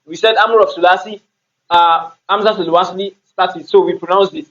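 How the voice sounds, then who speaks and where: A man's voice: high-pitched, steady tone, normal speed, fairly bright tone, lo-fi sound. A man teaching an Arabic grammar class, explaining step by step, repeating himself and asking rhetorical questions.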